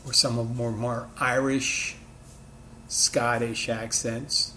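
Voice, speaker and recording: Guy w a mid-atlantic accent, bit of philly in it, rambling along about his bar, mid pitch, faint hum behind. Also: a little slow, fairly bright tone. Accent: mid-Atlantic with a light Philadelphia touch. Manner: rambling, conversational, self-correcting asides. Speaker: bartender podcast host. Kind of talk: casual solo storytelling.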